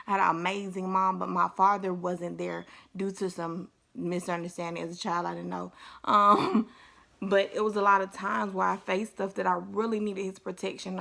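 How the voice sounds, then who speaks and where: A young woman speaks in a relaxed, chatty devotional style, playful and encouraging. Her voice sits at an ordinary pitch and often drops into a gravelly fry. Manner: chatty, upbeat, playful asides with laughs. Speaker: faith vlogger. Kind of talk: casual devotional talk.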